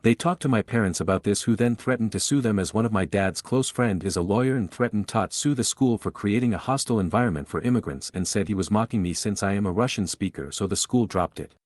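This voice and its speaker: A man narrating a forum post aloud in an even, steady reading voice. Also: lowish voice, quick pace, few pauses, no echo, studio quality. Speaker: story narrator.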